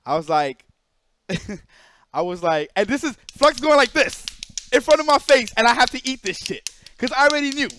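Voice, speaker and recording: A man streaming live, telling a story in an animated way, emphatic and profane and repeating himself for emphasis. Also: very high voice, normal speed, dry recording.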